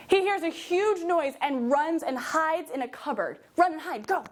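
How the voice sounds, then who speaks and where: High, animated woman leading kids. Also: a little fast, hardly any pauses, a little hiss or hum. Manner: animated, coaxing, sing-song instructions. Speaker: children's theater teacher. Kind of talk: guided movement storytelling for kids.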